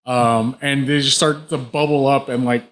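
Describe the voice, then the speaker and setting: A man narrating as game master in a casual, halting way. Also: mid-range voice, fairly even intonation, fairly bright tone. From Southern United States.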